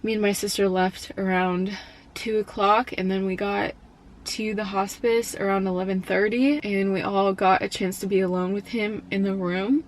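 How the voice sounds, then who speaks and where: Soft-spoken young woman, tearful and halting. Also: medium pitch, flat delivery, slight background noise. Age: young adult. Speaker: college student. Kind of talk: personal storytelling vlog.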